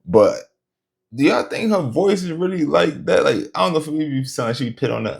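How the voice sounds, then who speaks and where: A man's voice: mid-range voice, normal speed, vocal fry, a little mellow. A man hosting a casual reaction show, talking loosely and straight to his viewers. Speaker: host.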